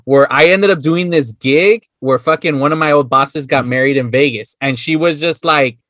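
A man hosting a podcast, telling a story in a relaxed, casual way with easy swearing and frequent laughs. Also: on the high side, normal speed, no room sound, studio quality. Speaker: podcast host. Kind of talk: casual chat.

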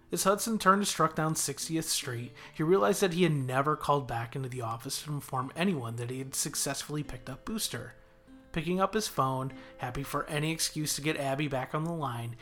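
A man reading a story chapter aloud as a guest narrator, in a steady, measured way. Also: mid-range voice. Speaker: guest reader. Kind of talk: audiobook narration.

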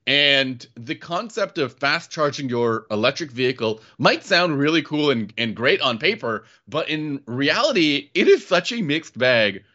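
A man's voice: on the high side, a little slow, few pauses. A man co-hosting a casual car podcast, talking with lots of fillers and restarts. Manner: animated, hesitant with many fillers and restarts. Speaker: podcast co-host. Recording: dull lo-fi sound.

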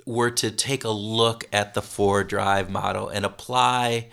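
A man being interviewed as a consultant, speaking in a halting way with many restarts and repeated words. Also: lowish voice, little pitch movement, creaky, fairly bright tone, smooth. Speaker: consultant guest. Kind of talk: interview conversation.

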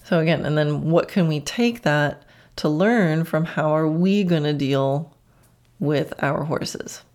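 On her own horse-training podcast, a woman talks through ideas slowly, relaxed and reflective, often laughing at herself. Her voice is warm and conversational and notably low for a woman.

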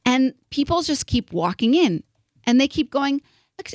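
A young woman co-hosting a podcast, telling a story in an animated, casual way with lots of "like". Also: high-pitched, moderate pace, dry recording, clean studio sound. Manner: animated, filler-heavy storytelling with "like". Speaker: podcast co-host.

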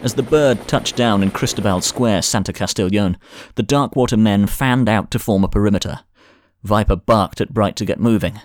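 A man reads a thriller audiobook in a measured, dramatic way. His voice sits low, and the studio sound is dry and close. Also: no room sound. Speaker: narrator. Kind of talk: scripted audiobook narration.

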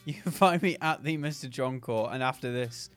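A man co-hosting a podcast in casual chat, joking and breaking into loud laughter. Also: mid-range voice, normal speed, faint music behind. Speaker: podcast co-host.

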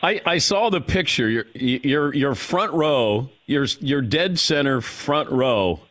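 A man's voice: medium pitch, animated, slow, fairly bright tone. A man hosting a radio show, chatting casually, teasing his guest and laughing often. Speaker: radio host. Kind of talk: casual chat.

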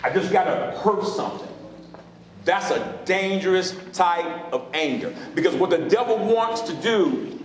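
High-pitched pastor guy preaching at his church, lots of call and response, echoey hall. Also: unhurried, slight background noise. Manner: call-and-response preaching, asks the congregation questions. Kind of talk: sermon. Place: church sanctuary.

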